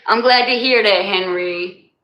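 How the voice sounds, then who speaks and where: A woman's voice: mid-range voice, measured pace, pushed and bright. A woman hosting a live stream, chatting casually with viewers, teasing them and laughing often. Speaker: livestream host. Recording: echoey room.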